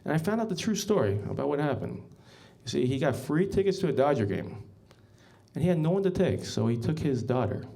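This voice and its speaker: A man doing a stand-up set on a club stage, telling rambling, deadpan stories full of ums and asides to the crowd. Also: on the high side, fairly quick, vocal fry. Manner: rambling deadpan storytelling with many ums, often says "guys". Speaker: stand-up comedian.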